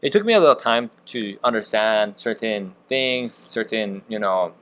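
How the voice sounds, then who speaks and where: A man's voice: fairly low pitch, animated, normal speed, a bit bright. A man in his thirties from Wisconsin, a chef and restaurant owner, chatting casually on a podcast in a laid-back way full of fillers. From Wisconsin, USA. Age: 30s.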